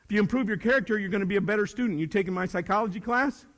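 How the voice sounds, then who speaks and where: An older man with a fairly high voice speaks to a crowd of students. He is emphatic and joking, and he drives his points home with repeated phrases. His words ring out with a long hall reverb behind them. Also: very fast, a bit bright. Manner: emphatic, joking, preacher-like repetition. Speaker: motivational speaker. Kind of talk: speech to a youth leadership audience.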